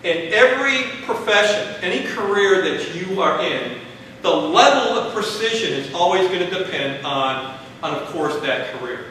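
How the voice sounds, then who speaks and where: A man teaching a college class with a Texan accent, lively and questioning the students, acting out little exchanges as he goes. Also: high-pitched, a little hiss or hum. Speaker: college instructor. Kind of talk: classroom lecture. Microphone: far room mic. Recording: echoey classroom from far off.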